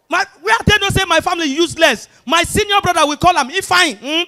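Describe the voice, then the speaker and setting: A man with a Nigerian Pidgin English accent doing an animated stand-up comedy routine, acting out characters with shouts. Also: extremely high pitch, fast.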